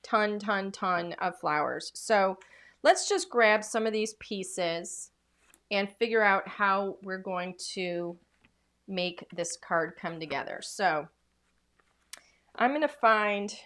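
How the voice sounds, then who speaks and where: A woman's voice: mid-range voice, fairly bright tone. Chatty woman demoing craft supplies. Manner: chatty, enthusiastic, lots of fillers. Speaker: craft demonstrator. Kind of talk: casual product demo.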